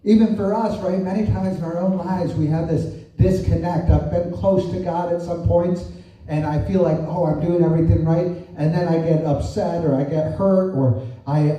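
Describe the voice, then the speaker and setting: A man's voice: fairly high pitch, steady tone, moderate pace, warm tone. A man preaching a sermon in a conversational way, asking rhetorical questions and often adding "right?". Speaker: pastor. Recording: echoey distant room sound.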